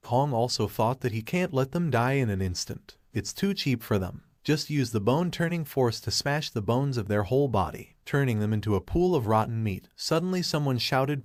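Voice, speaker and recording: A man narrating a comic-book story recap in a plain reading voice, with halting grammar. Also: medium pitch, animated, dry recording, studio quality.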